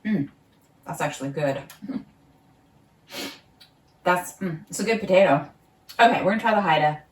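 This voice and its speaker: A woman's voice: fairly low pitch, animated, normal speed. A woman vlogging from her home kitchen, thinking aloud, laughing often and talking while eating. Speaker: market gardener vlogger. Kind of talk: casual home vlog. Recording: roomy sound, mic at a distance.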